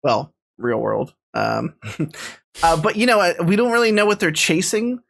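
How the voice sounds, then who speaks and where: A man's voice: high-pitched, sing-song, normal speed, vocal fry, a bit bright. A man co-hosts a casual podcast, his voice sitting a little above the usual male range. He rambles with enthusiasm and restarts often. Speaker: podcast co-host. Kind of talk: casual chat.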